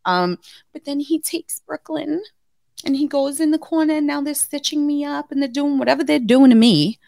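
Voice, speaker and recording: A woman's voice: moderate pace, gravelly, no echo, clean studio sound. A woman in her thirties co-hosting a podcast, chatting casually and acting out quotes as she tells a story. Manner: animated storyteller, acts out quotes with sudden high pitch. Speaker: podcast co-host. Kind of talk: casual chat, telling a birth story.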